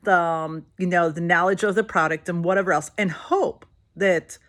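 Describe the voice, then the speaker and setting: A woman's voice: lowish voice, fairly even intonation, moderate pace, fairly bright tone. Woman, middle-aged, chatty vlog, sales coaching, storytelling with quoted voices. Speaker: direct sales team leader. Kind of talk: casual vlog advice while doing makeup.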